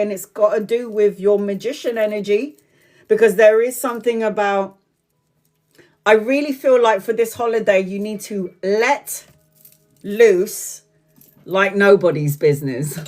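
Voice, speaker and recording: Woman, tarot reader, live stream chat, giggly, laughs a lot, medium pitch. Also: a little mellow. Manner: chatty, laughs often, giggly.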